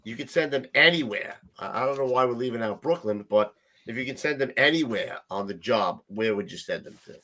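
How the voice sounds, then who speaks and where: A man hosts a casual podcast chat. He talks loudly, teases his guests and laughs a lot. His pitch sits at an ordinary middle level. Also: lively intonation, brisk. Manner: loud ball-busting banter, laughs often. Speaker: podcast host.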